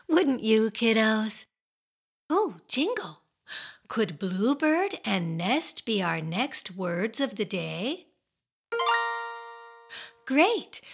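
A woman hosts a children's radio show in a playful, sing-song way, teasing young listeners with silly questions. Her voice sits a little high and leaps around a lot, with a slightly breathy edge. Soft music plays faintly behind her.

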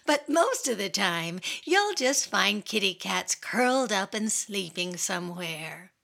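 A woman hosts a children's radio program in an upbeat, cheerful manner, speaking straight to the kids listening. Her voice is bright with a gravelly, slightly husky edge. She talks slowly and her pitch swings widely. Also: sing-song.

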